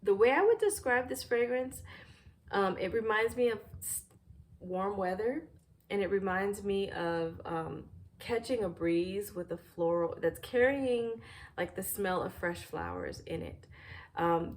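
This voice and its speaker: A woman reviewing fragrances in a casual, thoughtful way, often pausing with "um" while searching for words, at home near a fireplace. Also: medium pitch, a little mellow.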